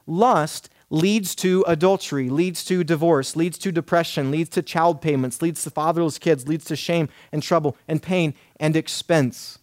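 Pastor type, man in his thirties, earnest emphatic sermon delivery, slightly high pitch, dry close sound. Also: moderate pace, few pauses, darkish tone, no room sound. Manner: earnest, emphatic preaching with repeated lists.

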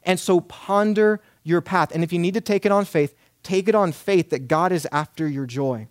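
A man's voice: sits high, moderate pace, dry recording, studio quality. A man in his thirties preaching a sermon, earnest and emphatic, building points through repeated lists. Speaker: pastor.

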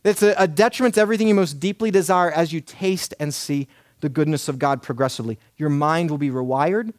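Pastor type, man in his thirties, earnest emphatic sermon delivery, slightly high pitch, dry close sound. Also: a little mellow, no echo. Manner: earnest, emphatic preaching with repeated lists.

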